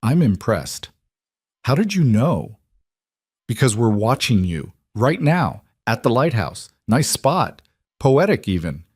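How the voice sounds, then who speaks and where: A man's voice: mid-range voice, very animated, takes it slowly, husky, no echo, clean studio sound, exaggerated voice. A man voicing a menacing villain who speaks through a voice disguiser, clipped and controlled. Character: menacing man behind a voice disguiser, cold and demanding.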